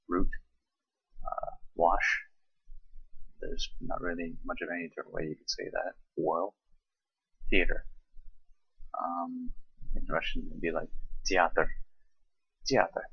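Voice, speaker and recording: A tired young man from Charleston with a Southern accent, reading a word list slowly and hesitantly with many ums. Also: deep voice, level tone, vocal fry, slightly rough, no room sound, lo-fi sound. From Charleston, South Carolina. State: tired, late at night. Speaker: vlogger.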